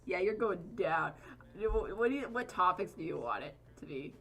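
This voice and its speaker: A woman's voice: lowish voice, lively intonation, moderate pace. A woman streamer chatting casually with viewers while she draws, rambling and swearing freely. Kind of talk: casual live-stream chat while drawing.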